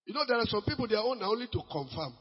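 A high-voiced Nigerian man preaching, his slightly husky tone ringing in a long church-hall reverb. The recording is muffled and dull. He drifts into Pidgin and breaks into sudden shouts to drive points home. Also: rapid-fire. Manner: animated preaching mixing Pidgin, bursts of shouting. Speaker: pastor. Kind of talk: sermon.

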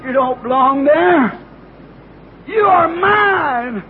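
A man's voice: very high voice, expressive, extremely slow, exaggerated voice. A preacher voicing a mother eagle calling. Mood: urgent calling. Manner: urgent, pleading calls. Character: loving mother eagle calling her lost son. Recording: dull lo-fi tape with music behind.

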